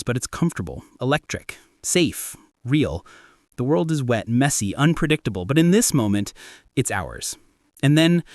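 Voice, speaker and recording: A man's voice: medium pitch, no room sound, studio quality. Man narrating a story, casual and wry. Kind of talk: first-person audiobook story narration.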